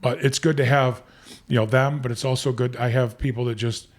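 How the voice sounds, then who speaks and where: A man's voice: mid-range voice, fairly even intonation, fairly quick. A man in his fifties, a podcast guest, telling long casual stories with many restarts and fillers. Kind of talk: casual storytelling.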